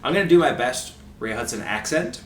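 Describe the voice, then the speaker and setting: A man's voice: mid-range voice, expressive, a little fast. A chatty man co-hosting a podcast, talking casually and often breaking into laughs. His voice sits in the middle range and rings in a roomy space, picked up from a distance with faint hiss behind. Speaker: podcast co-host. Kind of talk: casual chat.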